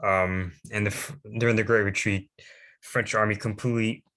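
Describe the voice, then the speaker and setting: Young guy with a real low voice stumbling through his slides, lots of ums and restarts. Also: steady tone, fairly bright tone. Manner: halting, many fillers and restarts. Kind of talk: unscripted history presentation with slides.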